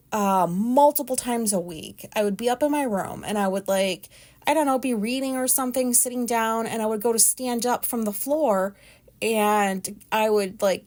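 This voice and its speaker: A woman hosting her own podcast, talking loudly in a chatty, rambling and frank way about her life. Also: a little high. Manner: loud talker. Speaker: podcast host. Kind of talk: casual solo podcast monologue.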